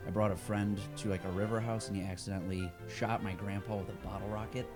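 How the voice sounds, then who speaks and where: Male podcast guest, low voice, easygoing anecdote teller. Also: steady tone, fast talker, over loud music. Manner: laid-back anecdote teller, many "like" fillers. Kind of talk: casual chat.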